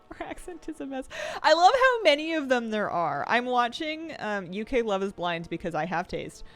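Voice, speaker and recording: A woman's voice: medium pitch, a bit bright. A young Canadian woman streaming, chatting casually and giggling while she reads her chat aloud.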